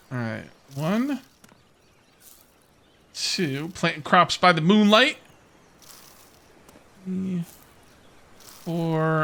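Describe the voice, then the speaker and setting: A faint hiss or hum sits under this man's mid-range voice as he plays a survival game and comments casually. The let's player muses, rambles, and questions himself, laughing softly and hiccuping now and then.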